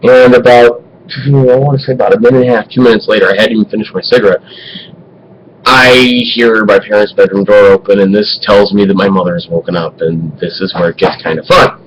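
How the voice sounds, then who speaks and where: A man telling an embarrassing personal story to camera in an animated, profane way, swinging between loud and hushed. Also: on the low side, a little fast, muffled recording, slight background noise. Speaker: vlogger.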